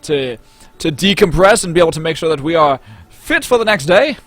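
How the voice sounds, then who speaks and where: A man voicing a group of loud, rowdy male tavern drunks who shout boisterously. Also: fairly high pitch, lively intonation, brisk, no echo, soft background music, voice pushed up.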